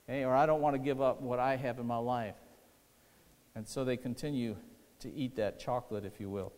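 A man of medium pitch preaches with a steady, darkish tone and a slightly fast delivery. As the pastor, he speaks conversationally and frequently asks the congregation questions. The sanctuary adds long hall reverb.

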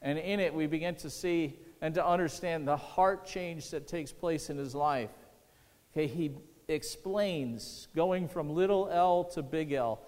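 A man's voice: fairly high pitch, measured pace, a little mellow. A man preaching a sermon to his congregation in a church, conversational and often asking the room questions. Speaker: pastor. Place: church sanctuary. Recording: long hall reverb.

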